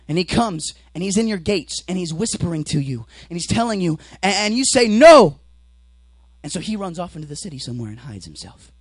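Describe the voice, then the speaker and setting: A teenage boy preaching a sermon, swinging between shouted exhortation and quiet low explanation, acting out little scenes. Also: breathy edge, no echo, poor audio. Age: teens. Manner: acts out dialogue with the devil and watchmen.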